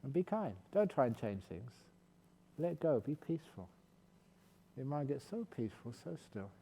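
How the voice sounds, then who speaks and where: A man giving a calm, gentle meditation talk at a retreat, slipping in playful jokes. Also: mid-range voice, moderate pace, gravelly, breathy edge, big-room sound. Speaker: meditation teacher.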